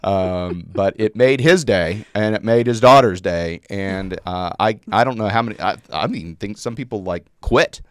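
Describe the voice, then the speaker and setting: A man in his forties, an Army veteran, telling a story casually on a podcast, halting with many fillers and repeated words. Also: fairly low pitch, clean tone, dry recording, clean studio sound.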